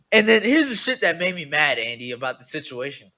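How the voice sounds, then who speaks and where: A young man with a bright, fairly high voice chats casually on a podcast. He rambles through a story, full of swearing and asides. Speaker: podcast co-host. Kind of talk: casual chat.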